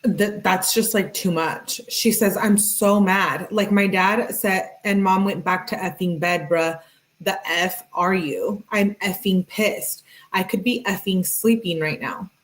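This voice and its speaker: A woman's voice: mid-range voice, a little slow. A woman streamer reading text messages aloud, breaking in with sarcastic comments and thanking viewers in the chat. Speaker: true crime streamer.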